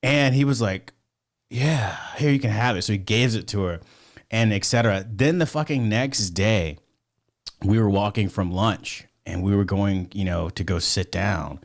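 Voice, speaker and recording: A man's voice: fairly low pitch, moderate pace. A man, a podcast guest, telling a story in a casual, rambling way, full of fillers, restarts and swearing.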